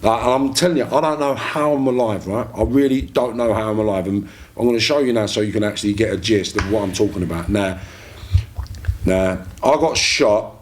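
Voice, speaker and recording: A man's voice: fairly low pitch, brisk, a little hiss or hum. A man, a podcast guest telling long casual stories in coarse street slang, with many restarts. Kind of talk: casual storytelling.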